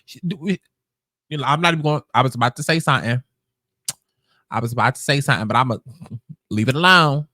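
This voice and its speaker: A man's voice: medium pitch, quick pace, pauses often, bright, forceful tone, no echo, clean studio sound. A man with a New York accent hosting casual commentary, blunt and swearing freely. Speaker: commentary host.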